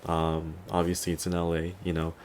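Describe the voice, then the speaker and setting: Low-voiced young man, relaxed podcast host. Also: a little fast, a little hiss or hum. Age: 20s. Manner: rambling and easygoing, with many fillers and chuckles. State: a little tired. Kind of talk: casual solo podcast chat.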